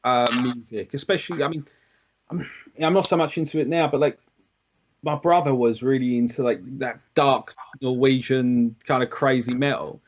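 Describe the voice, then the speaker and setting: A man's voice: medium pitch, steady tone, moderate pace, a little hiss or hum. Wry laid-back musician man, lo-fi. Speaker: podcast guest, musician. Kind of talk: casual podcast chat. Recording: dull lo-fi podcast audio.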